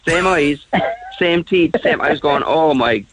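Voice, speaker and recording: A man, telling a personal story as a radio guest in a halting way, with many fillers and restarts. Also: a little high, steady tone, a bit bright, a little hiss or hum. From Ireland. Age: 40s. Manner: halting, full of fillers and restarts, laughs often. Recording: slightly muffled radio audio.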